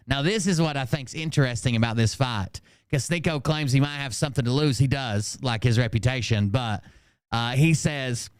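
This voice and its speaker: A man talking through clips on a live stream, sarcastic and rambling, with frequent uh and um. His voice is smooth and resonant, recorded close and dry with no room sound. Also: mid-range voice, normal speed, no echo. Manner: reads quotes aloud, sarcastic asides, frequent fillers. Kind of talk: casual commentary.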